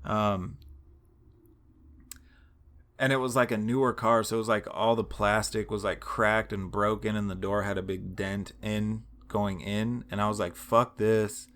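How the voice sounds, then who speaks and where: A man's voice: fairly low pitch, flat delivery, measured pace, a bit bright. A man telling a long story in a casual, rambling and profane way, laughing now and then.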